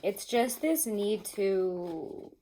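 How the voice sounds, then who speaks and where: A woman's voice: mid-range voice, animated, extremely slow, mellow, poor audio. A woman doing a casual tarot reading to camera, chatty and rambling, often breaking into laughter. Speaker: tarot reader.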